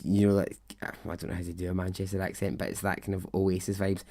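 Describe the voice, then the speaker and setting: A podcast host recounts a story in a rambling, conversational way. His voice sits somewhat low. He drifts into self-deprecating asides before getting back on track. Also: flat delivery, quick pace, few pauses, mellow. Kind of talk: storytelling monologue.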